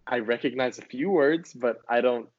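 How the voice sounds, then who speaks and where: A man's voice: mid-range voice, moderate pace, dry recording, lo-fi sound. A young man from Hawaii, a student, talking candidly in a casual conversation, laughing easily. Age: young adult. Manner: candid, laughs easily, does playful voices in quotes.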